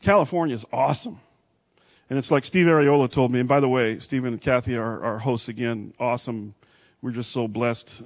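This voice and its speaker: A middle-aged man from Texas, preaching a sermon with big swings from loud to hushed. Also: mid-range voice, steady tone, brisk. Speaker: pastor.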